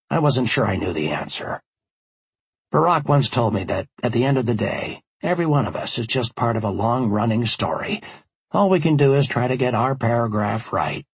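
A man narrating an audiobook in the first person, wry and measured, recorded in a studio. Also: medium pitch, husky, no echo. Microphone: studio microphone.

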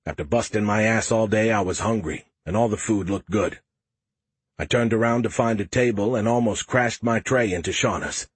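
A man narrating a first-person audiobook in a steady, wry, matter-of-fact way. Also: on the low side, moderate pace, husky, dry recording.

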